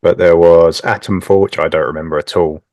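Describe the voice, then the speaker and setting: A man co-hosting a casual gaming podcast, relaxed and wry, swearing now and then. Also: low voice, brisk, no room sound, studio quality. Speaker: podcast co-host. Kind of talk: casual chat.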